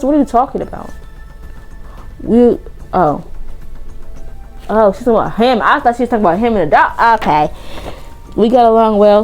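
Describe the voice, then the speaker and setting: A woman's voice: mid-range voice, dark tone, rough recording. A woman giving casual let's-play commentary as a gaming vlogger, blunt and slangy, swearing freely.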